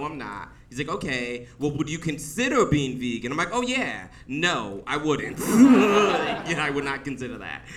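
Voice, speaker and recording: A man doing a stand-up set on a club stage, animated and laughing through his punchlines. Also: on the high side. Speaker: stand-up comedian. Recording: live club mic, distant with crowd laughter. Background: audience laughing.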